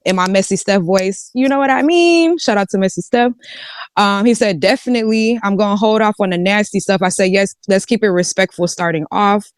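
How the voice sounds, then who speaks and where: A woman's voice: mid-range voice, clean tone, no room sound, clean studio sound. A woman live streamer casually reading out text messages, slangy and candid.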